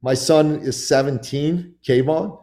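Mellow-voiced man telling profane stories. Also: fairly high pitch, unhurried. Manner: profane, animated storytelling. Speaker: podcast guest. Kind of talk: casual podcast storytelling.

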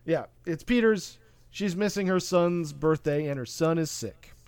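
A man hosts a casual movie podcast and recaps the plot in a rambling way, full of fillers and quick asides. His voice sits fairly high. The mic is close and the sound is dry. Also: darkish tone, clean tone, no echo. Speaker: podcast host.

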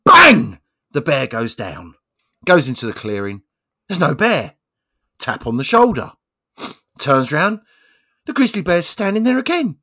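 A man co-hosting a podcast, telling a long joke in casual chat with lively storytelling. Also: unhurried, pauses often. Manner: lively storyteller, swings pitch widely. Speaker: podcast co-host.

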